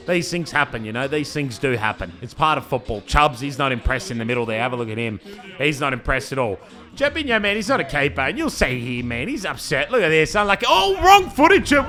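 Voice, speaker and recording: An Australian man commentates his club's match footage in a loose, bantering way, saying "man" often and lifting his energy on attacks. His voice is bright and sits fairly high for a man. Light music plays behind him. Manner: laid-back banter, says "man" a lot, excitable on attacks. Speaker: club owner commentating his team's match video. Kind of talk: casual play-by-play commentary.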